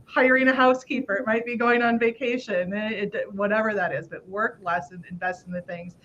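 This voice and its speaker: Woman host, casual podcast talk, upbeat and laughing, slightly dull recording with low rumble. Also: steady tone, fairly quick, a bit bright. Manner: laughs often, chatty and upbeat, swears casually.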